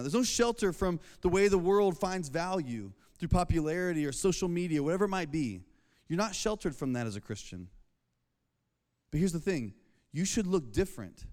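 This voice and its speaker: A man, preaching a casual, jokey sermon to high school students and acting out family scenes. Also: a little mellow. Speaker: youth pastor. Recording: long reverb of a large hall.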